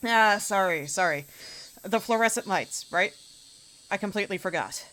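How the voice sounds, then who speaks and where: A woman voicing an older, smarmy landlord in a visual novel read-aloud, with a slow, easygoing delivery. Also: medium pitch, fairly bright tone, a little hiss or hum, close to an everyday voice. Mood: apologetic. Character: older man, a sleazy landlord.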